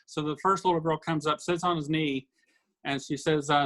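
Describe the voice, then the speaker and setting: A man in a relaxed podcast chat, slightly higher-pitched than most men. He tells comedy bits with animated energy, jumping into character voices as he goes. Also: moderate pace, poor audio. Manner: animated storyteller acting out sketch lines. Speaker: podcast co-host. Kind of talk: casual chat.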